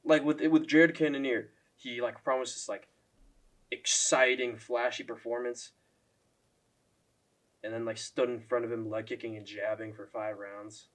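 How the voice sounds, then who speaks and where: A man's voice: medium pitch, steady tone, a little slow, fairly bright tone. A young man casually ranting on his MMA channel, swearing often and filling with "like" as he ranks fighters. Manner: profane, lots of "like" fillers, mocking impressions. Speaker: MMA commentary YouTuber. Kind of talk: casual ranking rant.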